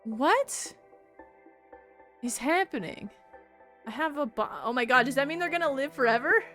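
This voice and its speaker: A woman's voice: sits high, brisk, pushed and bright, soft background music. A woman streamer chatting to herself casually and animatedly while she plays a game live.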